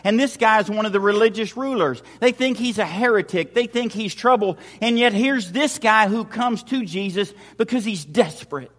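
A man's voice: high voice, moderate pace, hardly any pauses, a bit bright, big-room sound. A man preaching a sermon as pastor, building his points with repeated rhetorical questions and emphatic, repetitive phrasing.

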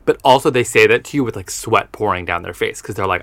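A man co-hosting a podcast in casual chat, gushing and animated, with lots of "like". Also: fairly low pitch, fast talker, few pauses, no room sound. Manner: gushing, animated, says "like" often. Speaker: podcast co-host.

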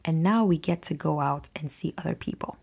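A woman's voice: sits low, brisk, vocal fry, darkish tone, slightly rough. A woman hosting a solo podcast, talking in an earnest, conversational and reassuring way. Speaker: podcast host.

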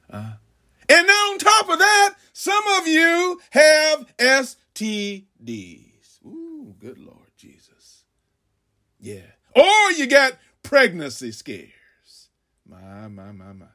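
A man preaching a sermon, calling out "huh?" to the congregation, stammering on repeats and swinging from shouts to hushed asides. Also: very high-pitched, wildly swooping pitch, slow pace. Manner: call-and-response, frequent "huh?"; stammering repeats when building. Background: congregation laughing.

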